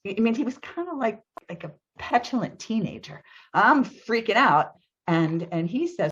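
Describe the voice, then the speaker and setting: A woman's voice: mid-range voice, expressive, a little slow. A woman telling a personal story to an audience, vivid and emotional, her voice jumping up at tense moments. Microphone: video call. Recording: slightly dull video call audio.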